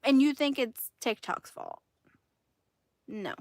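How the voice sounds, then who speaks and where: A woman's voice: high-pitched, lively intonation, slow pace, a little mellow, no room sound. A woman hosting a livestream, telling gossip in a casual, indignant way and laughing often. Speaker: livestream host.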